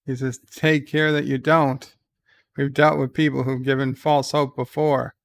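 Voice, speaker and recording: A man giving casual live commentary on a TV episode, loosely recapping scenes and reading viewer chat questions aloud, thinking out loud as he answers. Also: medium pitch, flat delivery, a little slow, creaky, no room sound. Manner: thinks out loud with fillers and restarts.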